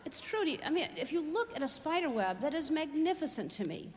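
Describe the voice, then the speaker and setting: A woman's voice: high voice, big pitch swings, brisk. Middle-aged woman doing rambling stand-up. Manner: rambling, self-mocking, observational. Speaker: stand-up comedian. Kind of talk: stand-up comedy routine. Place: large theater stage before a live audience. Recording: reverberant hall, crowd and background noise.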